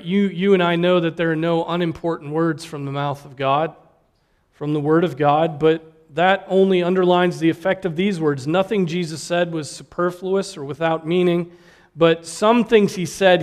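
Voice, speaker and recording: A man's voice: a little high, a little mellow. A man preaching a sermon in an earnest, emphatic way, often restarting words and asking "right?".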